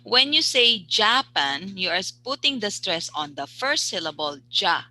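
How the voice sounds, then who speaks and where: A woman teaching English pronunciation over a video call, patient and quick to laugh as she corrects word stress. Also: mid-range voice, sing-song, pushed and bright, rough recording. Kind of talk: online class teaching.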